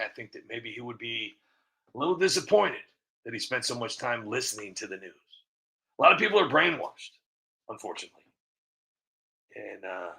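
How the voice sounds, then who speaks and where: A man's voice: medium pitch, gravelly, bright, forceful tone, rough recording. A man giving opinionated commentary to camera, rambling and repeating himself with frequent restarts. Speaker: video creator.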